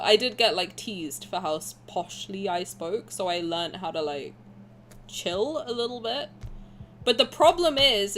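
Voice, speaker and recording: Woman in her twenties, posh southern English accent, lively swooping pitch, chatty gaming commentary. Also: a little hiss or hum. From south of England. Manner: chatty, animated, rambling asides. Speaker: streamer. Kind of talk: gaming commentary and reading aloud.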